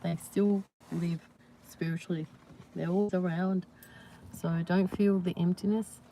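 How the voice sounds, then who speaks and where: A woman hosting a casual live chat with viewers, talking warmly and reassuringly with many "you know"s and "yeah"s. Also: lowish voice, fairly even intonation, a little slow, a little hiss or hum. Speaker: livestream host.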